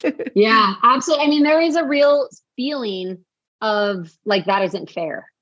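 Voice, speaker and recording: A woman's voice: on the high side, normal speed, fairly bright tone, dry recording, highs cut off. A woman in her forties, a podcast guest, candidly telling a personal story in a heartfelt way, full of fillers. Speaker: podcast guest, author and speaker.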